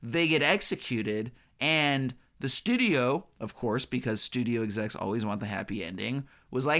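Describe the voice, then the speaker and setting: Animated, joking podcast host man. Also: mid-range voice, normal speed, hardly any pauses. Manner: jokey, animated storyteller. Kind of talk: casual film podcast chat.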